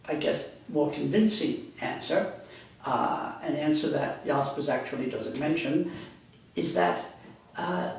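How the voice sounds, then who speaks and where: A man giving a university lecture in a rambling, conversational way, correcting himself often. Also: fairly high pitch. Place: classroom. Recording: echoey classroom, speaker far from mic.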